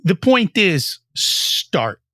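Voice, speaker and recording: A man hosting a business podcast, reflecting and asking his guest questions in a measured way. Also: high-pitched, sing-song, bright, forceful tone, no room sound, clean studio sound. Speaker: podcast host. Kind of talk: conversational interview.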